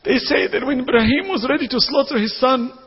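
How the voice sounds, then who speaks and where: A man preaching an impassioned sermon, slowing down and rising to shouts at its peaks, with a husky voice. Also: extremely high pitch. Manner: impassioned, slows and rises to shouts at climaxes. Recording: dull, echoey hall recording.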